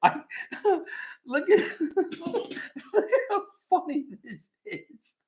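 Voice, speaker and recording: A man hosting a casual live stream reads a script aloud, stage directions and all. His voice rises and falls in a lively, animated way, and he keeps breaking into chuckles as he goes. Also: very high-pitched, drawn-out words, lo-fi sound.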